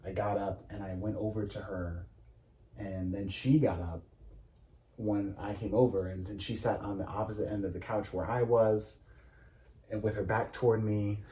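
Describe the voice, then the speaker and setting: A man's voice: on the low side, dark tone, slight background noise. Rambling man telling a story in an echoey room. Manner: rambling, trails off, many restarts and fillers. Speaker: vlogger recapping acting class. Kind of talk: casual storytelling chat. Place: home room.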